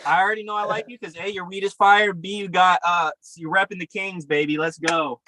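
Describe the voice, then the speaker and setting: A man's voice: high voice, steady tone, a little fast, bright, forceful tone, dry recording, rough recording. A man co-hosting a podcast over a video call from his camper, talking in a profane, upbeat, rambling way. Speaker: podcast co-host. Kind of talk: casual chat. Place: camper by a river outdoors.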